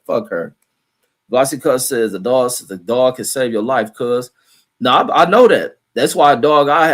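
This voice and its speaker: A middle-aged man hosting a livestream, reading viewer comments aloud and riffing on them in a blunt, profane, rambling way. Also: medium pitch. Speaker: livestream host.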